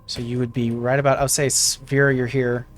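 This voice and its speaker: A man running a tabletop game, describing the room piece by piece with plenty of fillers and self-corrections. Soft music plays faintly behind him. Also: medium pitch, little pitch movement, fast. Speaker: game master.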